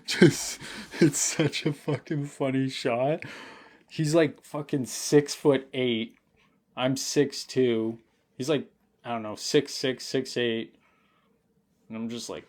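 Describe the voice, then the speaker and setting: Young guy, a bit drunk, streaming late at night; mid-pitched voice, loose rambling profane storytelling with lots of laughing. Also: steady tone, takes it slowly. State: intoxicated.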